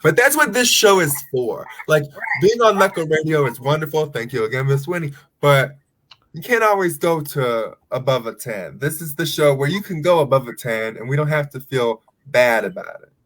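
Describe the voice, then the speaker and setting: A man's voice: fairly high pitch, animated, normal speed, a bit bright. A man co-hosting a casual radio show, speaking in a supportive, earnest way. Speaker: co-host.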